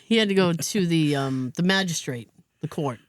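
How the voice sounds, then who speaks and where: Lively, laughing woman podcast host. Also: low voice, normal speed, a little hiss or hum. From Massachusetts, USA. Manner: lively, laughs often, acts out other people's lines. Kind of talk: casual storytelling chat.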